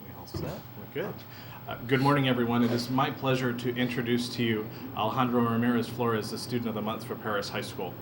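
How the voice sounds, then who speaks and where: A man speaking as a high school principal, introducing a student with slightly stumbling praise. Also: level tone, a little fast. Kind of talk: ceremonial introduction. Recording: noisy event recording.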